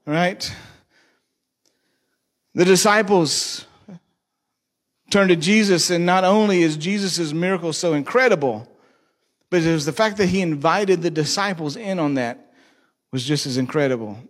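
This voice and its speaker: A man's voice: a little high, unhurried, long pauses. A male pastor preaching a sermon, joking and asking the congregation questions. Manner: jokey, asks the congregation questions.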